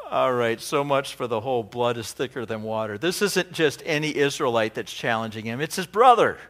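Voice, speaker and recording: A male pastor preaching a sermon in an animated, conversational way. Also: mid-range voice, normal speed, pauses often.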